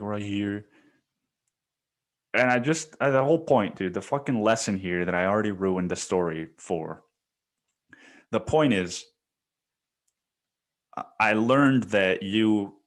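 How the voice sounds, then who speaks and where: A man's voice: on the low side, fairly bright tone. Rambling, swearing young male podcaster. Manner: rambling, profane storytelling with frequent restarts. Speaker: podcast host. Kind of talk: casual solo podcast monologue.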